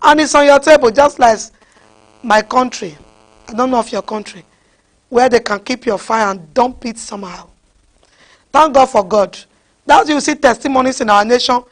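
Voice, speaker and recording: High-pitched woman, preaching, animated, pidgin asides. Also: moderate pace, long pauses. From West Africa. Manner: animated, repeats "huh?" to the crowd, mixes in pidgin. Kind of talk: sermon.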